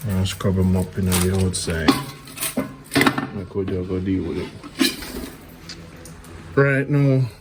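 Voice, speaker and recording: Jamaican man, slow chatty vlog talk. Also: deep voice, lively intonation. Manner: chatty, talks to himself as he works. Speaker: vlog host. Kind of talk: casual outdoor vlog talk. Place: backyard and home kitchen. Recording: noisy outdoor background.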